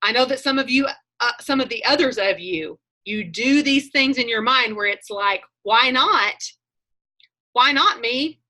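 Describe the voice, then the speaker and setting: A woman's voice: on the high side, normal speed, sharp tone. A woman, talking on a video call, telling chatty stories and acting out her own thoughts as she coaches a group.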